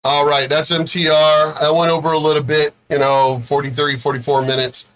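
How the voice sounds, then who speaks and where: A man's voice: a little high, little pitch movement, brisk, a bit bright, rough recording. A man hosting his own video, delivering an angry, profane rant with lots of repetition. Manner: says he is angry and fed up. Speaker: video host.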